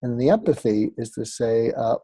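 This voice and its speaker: A man's voice: mid-range voice, lively intonation, moderate pace, mellow, husky, no echo. A man, a psychiatrist and author, explaining advice as an interview guest in a conversational way, often with fillers. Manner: conversational, acts out sample dialogue, frequent fillers.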